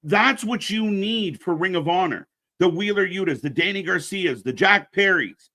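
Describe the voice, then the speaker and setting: A man hosts a casual live wrestling stream in a bright, forceful voice that sits a little high. He rants bluntly and swears freely. Between rants he plugs the channel's upcoming shows. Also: animated, normal speed. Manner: pitches channel shows to viewers.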